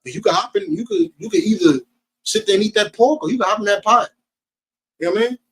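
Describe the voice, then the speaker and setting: A man's voice: extremely high pitch, wildly swooping pitch, fast talker, vocal fry, a bit bright, husky, rough recording. A man with a New Jersey accent preaching to a group in an emphatic, streetwise, slangy way.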